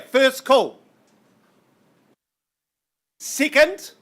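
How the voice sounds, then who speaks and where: A man working as an auctioneer, calling bids in a brisk, coaxing patter with banter, his voice strained and getting worn. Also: very high voice, fairly bright tone. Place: auction room.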